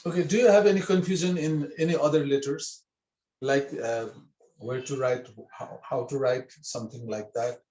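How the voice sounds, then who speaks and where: A man's voice: mid-range voice, normal speed, darkish tone, reverberant, poor audio. A man teaching a script class online, patiently spelling out syllables with hesitant fillers.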